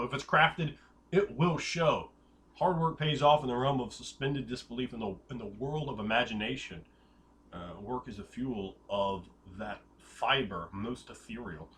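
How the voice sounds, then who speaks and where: A man giving tabletop game master advice in an excitable, hyperbolic way, rambling with restarts and jokey tangents. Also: medium pitch. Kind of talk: casual advice talk.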